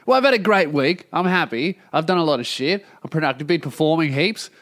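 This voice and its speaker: A man's voice: on the high side, animated, fairly quick, a bit bright. A male Australian comedian hosting his own podcast, ranting in a casual comic monologue with a blocked nose and plenty of swearing. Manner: ranting, exasperated, heavy swearing. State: blocked nose, sounds congested.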